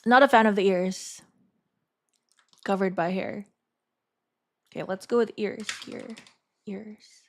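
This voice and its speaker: A woman streamer in casual live-stream chat, thinking aloud in a halting way and repeating words as she talks to her chat. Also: mid-range voice, steady tone.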